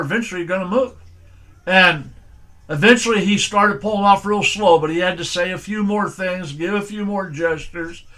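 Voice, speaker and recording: Bright-voiced older pastor. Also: male voice, high-pitched. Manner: plainspoken storytelling, folksy and firm. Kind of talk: sermon with personal stories.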